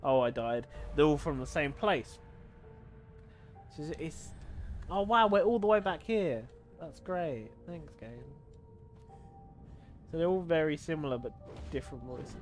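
A man's voice: fairly high pitch, expressive, unhurried, long pauses, faint music behind. Chatty, swearing male game streamer. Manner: chatty, swears casually, laughs often. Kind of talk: casual gaming stream chat.

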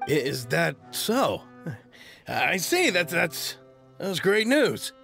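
A man voicing a nervous investor in a fan voice dub, speaking in a hesitant, halting way. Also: a little high, very animated, creaky, sharp tone, faint music behind, exaggerated voice.

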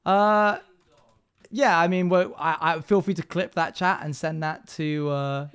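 A man's voice: on the high side, steady tone, measured pace, fairly bright tone, smooth. A young man streaming live, chatting casually with his viewers and a friend, laughing easily and addressing chat often.

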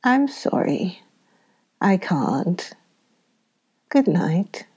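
A woman voicing a sleepy old male knight who talks slowly and drifts into whispers. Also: fairly low pitch, very animated, darkish tone, slightly rough, heavily acted. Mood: drowsy. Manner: drowsy, slow, trailing into whispers.

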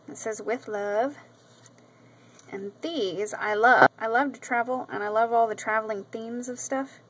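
A medium-pitched woman with a fairly bright tone is heard on a rough camera-mic recording with a little hiss or hum. In her casual show-and-tell vlog she gushes over craft mail she received, full of ums and repeats; she is an adult with a daughter.

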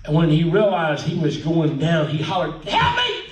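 A man preaching a sermon as pastor, folksy and animated, with frequent hallelujahs, heard in a church sanctuary. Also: a little high, normal speed. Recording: echoey church sanctuary, distant mic.

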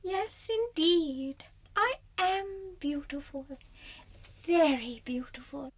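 A woman voicing a haughty, vain female doll who speaks in an imperious, disdainful drawl in an animated series. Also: very high voice, takes it slowly, muffled recording, full character voice.

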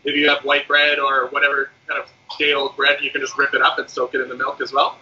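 Man, chef, cooking demo, hesitant fillers, bright voice, lo-fi audio. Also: medium pitch, brisk. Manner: relaxed, hesitant with many fillers. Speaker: guest chef. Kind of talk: cooking demonstration.

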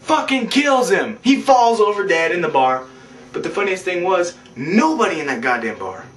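A man recaps a video game in a rambling, profane, animated ramble, his voice a bit high and swinging widely. The room is echoey and he sits well away from the mic. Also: moderate pace. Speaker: game reviewer. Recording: roomy, distant mic.

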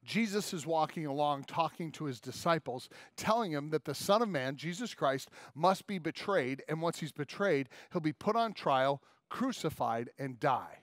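Preacher, male, slightly high, chatty storyteller, close and dry. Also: animated, moderate pace, hardly any pauses, no room sound. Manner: conversational storytelling, acts out voices. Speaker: pastor. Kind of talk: sermon. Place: church main hall.

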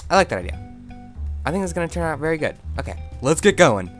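A man casually commenting on his own gameplay as a video host, chatty and excitable, squealing high when startled. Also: fast talker, faint music behind.

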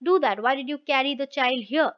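A woman reading the part of an impatient, indignant wife who fires off sharp demanding questions. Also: high voice, brisk, natural voice. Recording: dull lo-fi recording.

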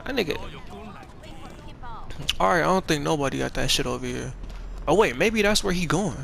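Gravelly, profane gamer man. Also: a little high, lively intonation, quick pace, a bit bright, slight background noise. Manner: rambling, profane, slangy and laid-back. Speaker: gamer streaming a playthrough. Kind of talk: casual gameplay commentary.

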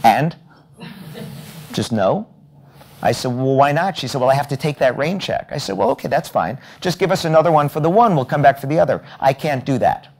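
Speaking briskly in a creaky, medium-pitched voice, a keynote speaker at a hotel event tells animated anecdotes and voices every person's lines.

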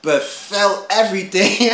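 A man telling a personal story in casual street slang, animated, dropping low and then rising to excited shouts. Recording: roomy echo, faint background hum.

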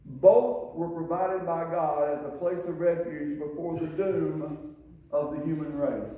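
A man pastor speaks from the pulpit in a folksy, storytelling way, often breaking into laughter. His voice is somewhat high for a man. He is heard from a distance in a very echoey church sanctuary. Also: steady tone, measured pace, dark tone. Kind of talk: church sermon.

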